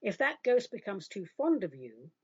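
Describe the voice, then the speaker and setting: A woman with a husky voice hosts a radio advice show, and her pitch rises and falls a lot as she makes her points. She talks in a chatty, emphatic, opinionated way. The sound is dry and a little dull. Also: sing-song, normal speed, no room sound. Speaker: host answering listener questions.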